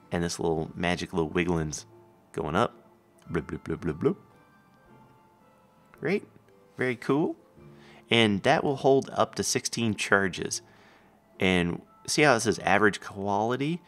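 Male gaming host, low voice, lively, rambling explainer. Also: a little slow, faint music behind. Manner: chatty, explaining, joking with a co-player. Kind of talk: casual gameplay commentary.

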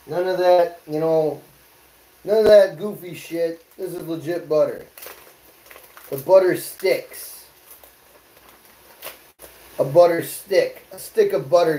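A man's voice: high voice, dark tone. Man, livestream host, casual cooking chat, swears freely, home kitchen, roomy echo. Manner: loose, joking, swears freely, talks to chat.

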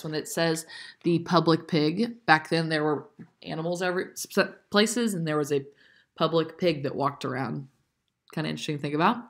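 Expressive woman reading aloud. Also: deep voice. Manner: expressive, with slips and self-corrections. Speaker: reader reading a chapter book aloud. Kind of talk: read-aloud narration with asides.

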